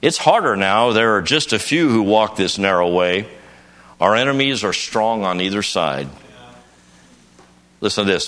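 An older male preacher with a deep, low voice that still cuts through with a bright, forceful edge. He tells a homely story about himself in a folksy way, then rises into emphatic bursts. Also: lively intonation, measured pace, long pauses. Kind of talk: conference sermon.

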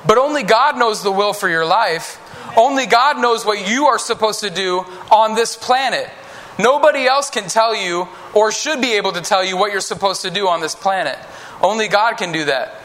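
Male preacher, children's sermon; conversational, slips into character voices, bright tone. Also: high voice, expressive, normal speed.

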